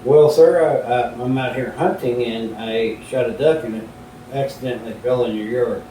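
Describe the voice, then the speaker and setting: A man's voice: normal speed, mellow, natural voice. A man voicing a nervous, polite young hunter from the city who stammers and says sir, heard from a distance in a roomy space. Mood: pleading. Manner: stammering and deferential. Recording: roomy and distant, faint rumble.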